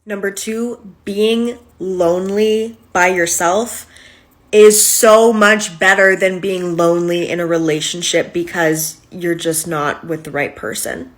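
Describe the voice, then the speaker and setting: A young woman with a middle-pitched voice gently counts off lessons she learned. She sounds calm and encouraging, speaking to camera. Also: takes it slowly. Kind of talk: advice vlog listing lessons.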